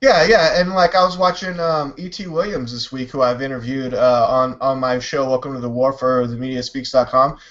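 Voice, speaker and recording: A man hosting a casual online talk show, telling stories with a loose, animated delivery and swearing freely. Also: medium pitch, moderate pace, hardly any pauses, dull audio. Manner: animated storyteller, swears, mimics others. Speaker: podcast host. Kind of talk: casual chat.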